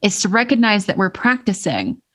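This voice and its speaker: Podcast co-host, female, mid-pitched voice, reflective and explanatory. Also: wildly swooping pitch, normal speed, fairly bright tone. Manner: thoughtful, explains ideas with frequent restarts and emphasis. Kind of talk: casual podcast conversation.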